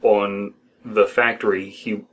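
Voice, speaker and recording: Young adult man, fairly low voice, casual reader with wry, stumbly humor. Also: level tone, takes it slowly. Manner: wry, jokey asides, stumbles over words. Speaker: co-host reading horror stories aloud. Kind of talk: casual reading and joking commentary.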